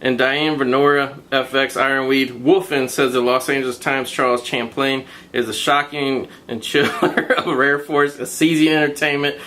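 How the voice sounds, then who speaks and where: A man's voice: medium pitch, level tone, moderate pace, hardly any pauses, pushed and bright, a little hiss or hum. A man co-hosting a casual review chat, tipsy, profane and laughing, reading text aloud in a mock-dramatic way. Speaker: co-host.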